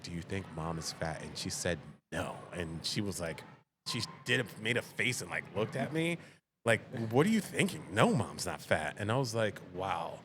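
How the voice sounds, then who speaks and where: Man, podcast guest, low voice, animated storytelling, quotes family members, laughs often. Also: background noise. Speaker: podcast guest, veteran father. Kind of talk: casual podcast chat.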